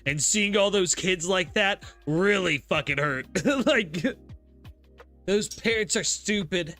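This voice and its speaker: A young man hosting a live reaction stream who talks excitably, laughs often and swears a lot. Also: high-pitched, slow, soft background music. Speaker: stream host.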